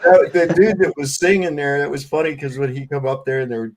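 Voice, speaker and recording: A man's voice: a little high, fairly even intonation, a little fast, a little mellow. A man chatting casually on a live stream, retelling jokes and acting out the lines. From outside England. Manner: tells jokes in storytelling fashion, acting out dialogue.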